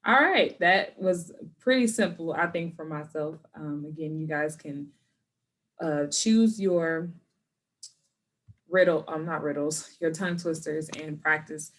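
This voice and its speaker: Speaking in a voice that sits low, this woman teacher records a home lesson for her students, modeling words slowly and clearly with a patient, encouraging manner.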